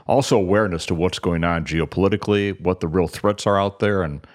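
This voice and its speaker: A man co-hosting a talk radio show, speaking in a wry, conversational way with quick asides. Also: sits low.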